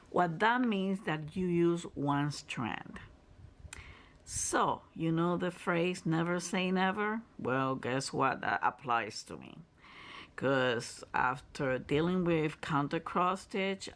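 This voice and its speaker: A craft vlogger talks viewers through a review at an unhurried, slow pace, with a gravelly, creaky edge to the voice. The delivery is chatty and explanatory, with phrases often restarted mid-sentence. Materials are held up to the camera while the speaker explains. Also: mid-range voice, fairly bright tone. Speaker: crafter and channel host. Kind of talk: casual craft review and tutorial talk.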